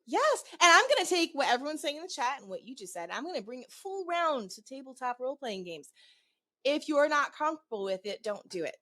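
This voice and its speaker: A woman co-hosting a podcast who talks in a casual chat style, often laughing. She speaks in quick bursts. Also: high-pitched, very animated, sharp tone. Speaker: podcast co-host and game master.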